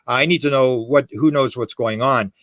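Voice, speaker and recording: A man guesting on a podcast, a UFO historian, tells stories in an animated, conversational way, emphatic and rambling, quoting dialogue and restarting his sentences. His voice sits in the mid range, bright-ish, at a normal speed with no echo.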